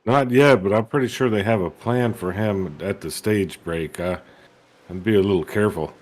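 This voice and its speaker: A man's voice: lowish voice, moderate pace, a little mellow. A man doing color commentary on a sim race, easygoing and joking with his booth partners.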